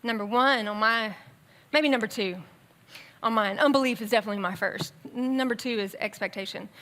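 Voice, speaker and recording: A woman preaching a sermon in a conversational, animated way, with quick bursts and asides. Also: a little high. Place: church sanctuary.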